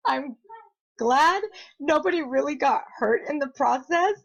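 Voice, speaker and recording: Giggly young woman vlogger, high voice. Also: a little slow, highs cut off. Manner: giggly, excitable, frequent laughter. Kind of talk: casual storytelling vlog.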